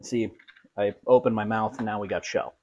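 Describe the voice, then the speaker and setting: A man's voice: fairly low pitch, steady tone, normal speed, lo-fi sound, background noise. A man hosting a casual cooking vlog in a home kitchen, who cracks self-mocking jokes while he cooks. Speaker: cooking show host.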